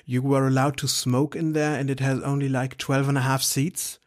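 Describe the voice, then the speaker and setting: A man's voice: medium pitch, flat delivery, normal speed. German guy hosting a podcast in english, laid back, dry little jokes. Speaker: podcast host. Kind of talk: casual interview chat.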